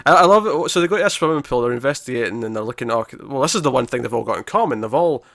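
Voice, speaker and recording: A man co-hosts a casual podcast chat at a middle pitch, rambling through his points. He restarts his sentences often and laughs easily. The mic is dry and close. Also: lively intonation, rapid-fire, vocal fry, a bit bright, no room sound. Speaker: podcast co-host.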